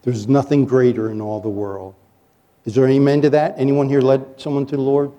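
A male pastor preaching a sermon, telling stories in an animated, joking way as he coaches his listeners. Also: medium pitch, a little fast. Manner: animated, jokey storyteller who coaches the audience. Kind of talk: sermon with storytelling.

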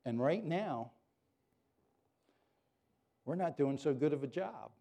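A pastor preaching a sermon to his congregation, earnest and animated, dropping to soft prayer at times. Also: on the high side, slow, vocal fry.

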